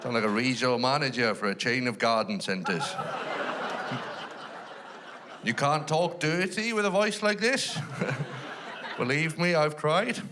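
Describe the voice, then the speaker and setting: A man's voice: medium pitch, measured pace, long pauses. A Welsh man doing dry, self-deprecating stand-up storytelling on a theatre stage. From Wales. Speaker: stand-up comedian. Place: large theatre stage with a live audience. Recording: live theatre with background noise.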